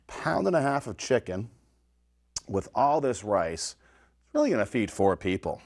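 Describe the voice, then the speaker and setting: A man's voice: fairly low pitch, big pitch swings, normal speed. A man hosting a home cooking video, talking casually and enthusiastically to his viewers, tasting his food and sometimes talking with his mouth full. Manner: chatty, enthusiastic, talks straight to viewers. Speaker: home cooking show host.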